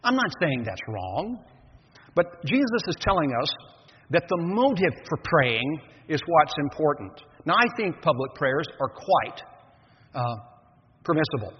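Older pastor preaching in an echoey hall. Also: male voice, on the high side, sing-song, slight background noise. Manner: measured, earnest, reads scripture then explains. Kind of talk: sermon. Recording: echoey dull lo-fi hall recording.

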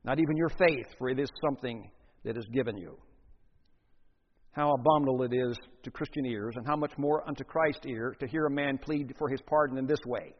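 A man's voice: medium pitch, a little fast. Earnest preaching man in a reverberant hall. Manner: earnest preaching with emphatic rises. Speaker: pastor. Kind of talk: expository sermon. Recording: dull sound with long hall reverb.

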